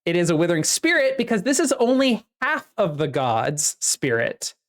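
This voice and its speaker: A woman co-hosting a casual book-discussion podcast, recapping the plot at length in a lively way. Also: fairly low pitch, normal speed. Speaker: podcast co-host.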